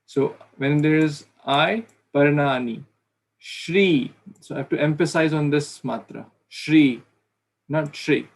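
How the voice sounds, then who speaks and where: Slow, gravelly man teaching pronunciation. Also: fairly high pitch. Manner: patient, repeats sounds slowly to demonstrate. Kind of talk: online class explaining pronunciation. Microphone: video call.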